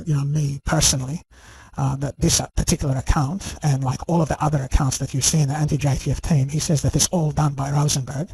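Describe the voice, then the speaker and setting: A man giving an unscripted, accusing video monologue, halting and full of fillers and restarts. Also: on the high side, a little mellow, slightly rough, no echo, low-quality recording. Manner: accusing and indignant. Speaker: online video commentator.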